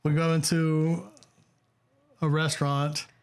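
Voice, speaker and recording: A man from Ohio hosting a podcast in casual chat, halting with many restarts and casual swearing. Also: a little high, little pitch movement. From Dayton, Ohio. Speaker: podcast host.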